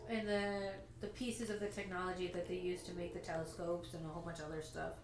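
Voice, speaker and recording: A woman's voice: fairly low pitch, level tone, fast talker. A woman co-hosting a casual chat, adding brief, dry remarks to the story. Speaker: co-host. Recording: echoey room with faint noise.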